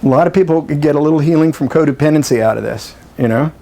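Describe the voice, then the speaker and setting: A middle-aged man giving a live workshop talk to a group, animated and joking, often acting out the voices of the people he quotes. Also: a little high, fast talker, creaky. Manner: animated, acts out quoted voices, jokey asides. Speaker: breathwork workshop presenter.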